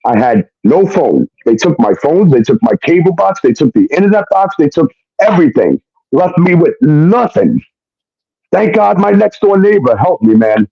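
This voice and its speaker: A man's voice: fairly high pitch, moderate pace, gravelly, husky, no echo, muffled recording. A man telling his own story in casual talk, swearing often and acting out what others said. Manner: profane, animated retelling with quoted dialogue.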